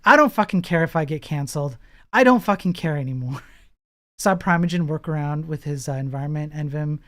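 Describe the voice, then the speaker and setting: A man's voice: a little high, fairly quick. Blunt, profane streamer man. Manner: blunt, profane, laughs often. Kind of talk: casual live-stream chat.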